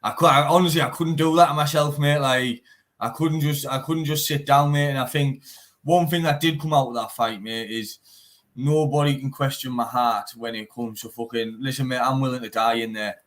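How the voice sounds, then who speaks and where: This bare knuckle fighter, a young Englishman with Teesside English, talks bluntly in a relaxed interview, cursing a lot and dropping "mate" into almost every line. His pitch is medium and a bit bright, his intonation fairly even, and he speaks at a normal speed.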